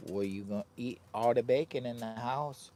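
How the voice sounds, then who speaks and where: A man's voice: mid-range voice, normal speed, dark tone. A man hosting a casual live stream from a camping trip, rambling and joking with his viewers and his dog. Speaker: livestreaming camper and channel host. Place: tent at a campsite.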